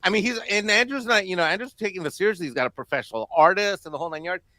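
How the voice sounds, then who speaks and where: A man's voice: sits high, racing, sharp tone, no room sound. A man co-hosting a casual panel discussion, rambling with many fillers and laughing at times. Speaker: co-host.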